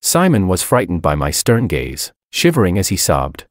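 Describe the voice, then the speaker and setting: A man's voice: low-pitched, wildly swooping pitch, normal speed, hardly any pauses, no echo. A man narrating a first-person story in a dry, matter-of-fact way.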